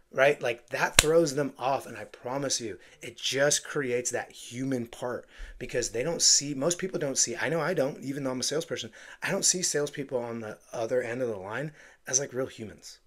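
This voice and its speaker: A man's voice: mid-range voice, a little fast, a bit bright. A man coaching real estate agents on phone sales, talking emphatically and acting out bits of phone calls. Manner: emphatic, acts out phone calls with playful voices. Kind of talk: direct-to-camera sales coaching.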